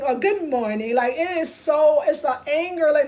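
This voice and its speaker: A woman's voice: high voice, moderate pace, hardly any pauses, poor audio. An American woman with an African American English accent, telling stories in a casual vlog and acting out other people's lines. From United States. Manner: animated, acts out other people's voices in quotes. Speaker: vlogger. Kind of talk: casual storytelling monologue.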